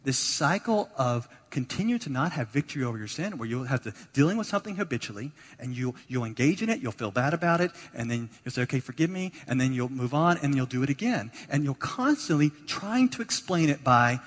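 A man preaching a sermon as pastor, emphatic, dropping to quiet asides and building to loud exhortation. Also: mid-range voice, expressive, a little fast, hardly any pauses. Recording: long hall reverb.

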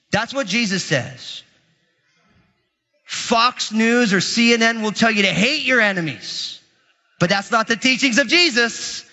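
Pastor, male, high voice, energetic humorous sermon, big church reverb. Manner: energetic, humorous, conversational preaching. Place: church sanctuary. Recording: muffled audio with long hall reverb.

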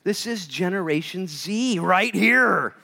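Brief: male pastor, sermon delivery, very lively pitch, loud then hushed. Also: slow, gravelly. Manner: animated, swings from loud to hushed; reads scripture aloud.

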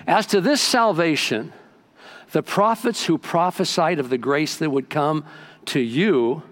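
A man preaching a sermon as pastor, telling stories and acting out quotes with lively swings in his voice. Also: on the high side. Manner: animated storytelling with acted-out quotes. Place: church sanctuary.

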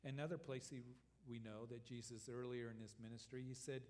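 A man pastor preaching an earnest Bible-teaching sermon, breaking into lively quoted asides. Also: mid-range voice, brisk. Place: church sanctuary. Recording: reverberant church hall.

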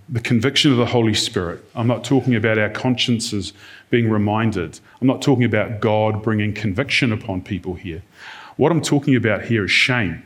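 A man preaching a sermon in a conversational way, now and then acting out quoted lines in different tones. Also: medium pitch.

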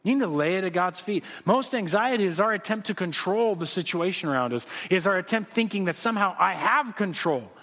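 Male pastor, conversational sermon, high voice, reverberant sanctuary. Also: animated, brisk, hardly any pauses, fairly bright tone. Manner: conversational, acts out his kids' voices. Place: church sanctuary. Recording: long reverb of a church hall.

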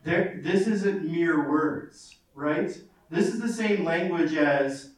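Echoey preaching man, voice pitched high. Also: slow pace. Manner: earnest expository preaching, reads scripture aloud, repeats phrases. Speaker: pastor. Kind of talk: sermon. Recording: very echoey, from far off.

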